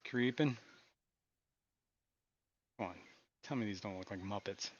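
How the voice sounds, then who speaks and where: A man hosting a casual live stream from his fish room, talking in a relaxed, rambling way with frequent chuckles. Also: on the low side, measured pace, dry recording, highs cut off. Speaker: aquarium stream host.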